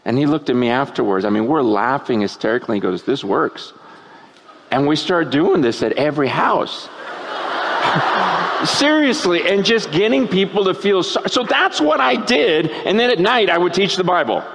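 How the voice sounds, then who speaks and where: A pastor telling a laughing personal story within a sermon, then turning earnest. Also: male voice, fairly high pitch, big pitch swings, normal speed, background noise.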